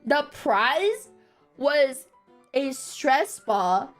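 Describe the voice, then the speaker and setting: Giggly, high-pitched young woman streamer. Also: very animated, extremely slow, faint music behind. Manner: giggly, swears freely, bursts into laughter. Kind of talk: casual storytelling chat.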